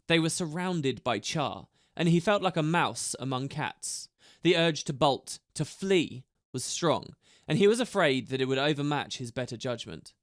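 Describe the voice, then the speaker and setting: A man narrating an audiobook in a steady storytelling manner. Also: medium pitch, no echo, clean studio sound.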